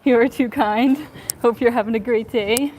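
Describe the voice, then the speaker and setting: A woman's voice: on the high side, moderate pace, a little mellow, low-quality recording. A woman from Ukraine, a travel vlogger, chatting upbeat on a walking live-stream while reading out viewer messages. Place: outdoors in a winter city, on a footbridge. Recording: outdoor phone stream with clear street noise. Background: street ambience, passers-by, accordion player.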